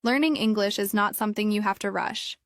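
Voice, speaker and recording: A woman calmly narrating a story for English learners in clear, evenly paced scripted narration. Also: mid-range voice, brisk, no room sound, studio quality.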